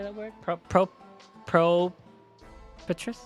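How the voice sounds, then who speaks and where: A man's voice: a little high, sing-song, normal speed, fairly bright tone, soft background music. A man streaming a game, reading the lines aloud and chatting and laughing with a friend. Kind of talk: casual game commentary.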